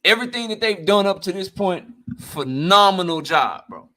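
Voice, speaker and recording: A male boxing channel host giving blunt, profane, slang-heavy commentary and answering his live chat in a casual, animated way. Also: high voice, normal speed.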